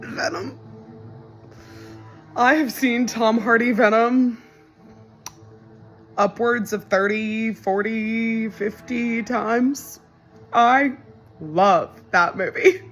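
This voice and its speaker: Brief: young woman, slightly high voice, wry and chatty, reacting to a film while it plays. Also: slow, soft background music. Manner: chatty, wry and incredulous, laughing often. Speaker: movie reaction creator. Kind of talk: casual movie reaction commentary.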